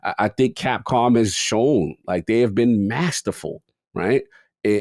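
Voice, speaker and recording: A man's voice: lowish voice, darkish tone, no room sound, clean studio sound. A man co-hosting a gaming podcast in casual chat, laughing easily and calling his partner "bro". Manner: laughs often, says "bro" and "listen, man". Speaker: podcast co-host.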